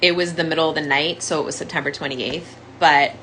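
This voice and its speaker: A woman's voice: sits low, steady tone, fairly quick, pushed and bright, slight background noise, rough recording. A young woman candidly telling her own story as a survivor, in a conversational monologue full of "like" fillers. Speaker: domestic violence survivor sharing her story.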